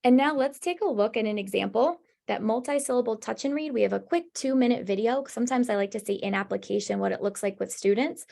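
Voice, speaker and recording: A woman's voice: fairly high pitch, fast, gravelly, hardly any pauses, dark tone. A woman presenting a webinar on reading instruction, explaining strategies step by step in a conversational, instructive way. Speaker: former classroom teacher and coach.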